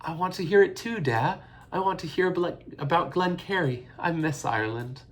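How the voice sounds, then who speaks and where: A man voicing a frightened, tearful little girl who pleads and cries out in high, shrill tones. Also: moderate pace, close to an everyday voice. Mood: pleading.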